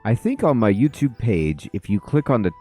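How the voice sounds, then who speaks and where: Chatty low-voiced man streaming a game. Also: big pitch swings, normal speed, warm tone, breathy edge, soft background music. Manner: chatty, greets viewers mid-sentence, rambling asides. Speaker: let's play streamer. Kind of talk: casual live game commentary.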